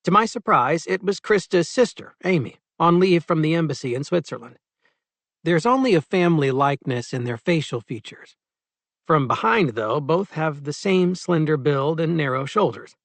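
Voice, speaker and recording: A man reading a short story in the first person for an audiobook, with a measured, steady delivery. His voice sits a little on the high side and is recorded close and dry. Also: gravelly, no echo. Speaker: audiobook narrator. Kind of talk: first-person scripted narration.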